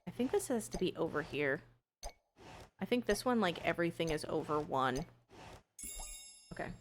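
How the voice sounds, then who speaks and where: Chatty woman streamer with a lively voice. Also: lowish voice, normal speed, a little hiss or hum. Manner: chatty, swearing, excitable outbursts. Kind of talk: casual live gameplay chat.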